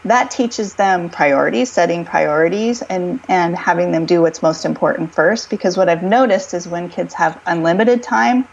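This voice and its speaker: A woman speaking as a guest expert on a podcast, giving calm parenting advice and acting out scripts for parents. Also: fairly low pitch, normal speed, vocal fry, hardly any pauses, slightly rough, highs cut off. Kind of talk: podcast conversation.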